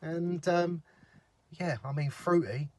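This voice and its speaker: A man's voice: a little high, steady tone, takes it slowly, a little mellow. A man chatting to camera by a lake in a gossipy, chatty way, swearing freely. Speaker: fishing vlogger. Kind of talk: casual chat to camera. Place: outdoors by a lake.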